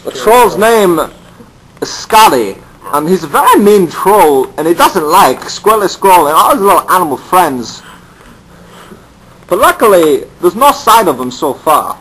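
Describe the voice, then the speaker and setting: Deadpan man telling a kids' story. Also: high voice, slight background noise, rough recording. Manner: deadpan, rambling, addresses children. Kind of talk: bedtime-story narration for kids.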